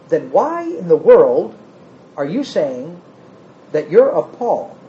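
A man's voice: on the high side, wildly swooping pitch, slow, long pauses, dark tone, dull audio. A man preaching a sermon, emphatic, firing rhetorical questions at the congregation and answering them himself.

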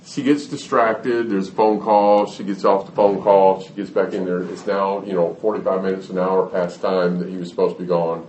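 A man's voice: deep voice, flat delivery, normal speed, few pauses, a little mellow, slight background noise. A man giving a talk to an audience on parenting in a folksy way, acting out little scenes to explain his points. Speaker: speaker on parenting. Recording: echoey hall, mic at a distance.

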